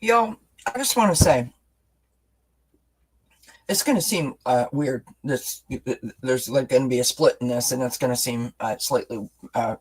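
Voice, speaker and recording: Male tarot reader on a live stream, mid-pitched, rambling and warmly chatty, lots of restarts. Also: unhurried, pauses often, husky, rough recording. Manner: talks directly to viewers as friends.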